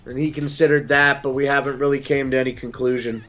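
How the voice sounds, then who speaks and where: A man's voice: mid-range voice, flat delivery, fast talker, fairly bright tone, dull audio, faint music behind. A man from Canada, a guest in casual chat, swearing a lot and joking in a mock Aussie accent.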